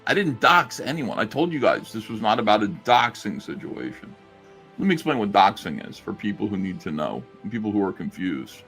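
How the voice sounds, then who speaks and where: A man's voice: fairly low pitch, very animated, fairly quick, fairly bright tone, faint music behind. A man on a livestream telling a story in a rambling, sarcastic way and acting out the lines he quotes. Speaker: streamer recounting a story.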